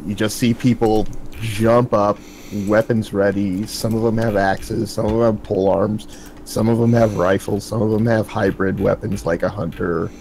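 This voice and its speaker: A man running an online tabletop game as game master, narrating scenes in a calm, matter-of-fact way. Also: fairly low pitch, slight background noise.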